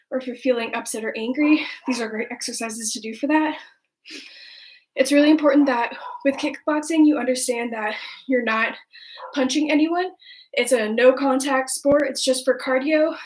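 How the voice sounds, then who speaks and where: A young woman coaches kickboxing in an upbeat, chatty way, a little out of breath. Her voice sits high. The room around her sounds echoey. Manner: upbeat, counts reps aloud. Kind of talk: leading a home workout.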